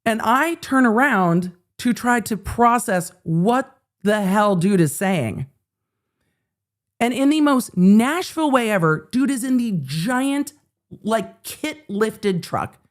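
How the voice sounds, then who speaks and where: A woman in her forties hosting a show, telling a story in casual chat, animated, swearing freely and acting out the quotes. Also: medium pitch. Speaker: host.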